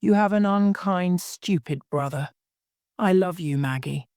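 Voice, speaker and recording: A woman reading the lines of a gentle young man in love in a story, soft and earnest. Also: fairly low pitch, unhurried, no echo, studio quality.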